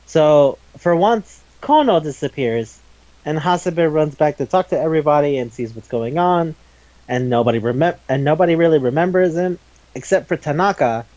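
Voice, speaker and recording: A man's voice: a little high, animated, moderate pace, darkish tone, dry recording. Rambling man in a dry, dull podcast recording. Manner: rambling, filler-heavy, laughs often, swears freely. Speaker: podcast host. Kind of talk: casual recap chat.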